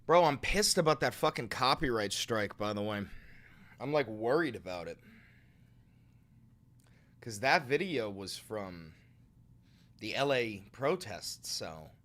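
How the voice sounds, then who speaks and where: A man's voice: mid-range voice, lively intonation, slow, long pauses, fairly bright tone. A young man hosting a livestream, talking casually and swearing a lot, muttering worries to his chat. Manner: profane, angry outbursts. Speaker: streamer host.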